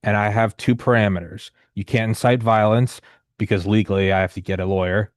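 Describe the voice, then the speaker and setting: Man in his thirties, low-pitched, rambling, profane conversational storyteller, dry recording. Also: fairly even intonation, brisk, no room sound. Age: 30s. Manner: rambling, profane, frequent restarts and fillers.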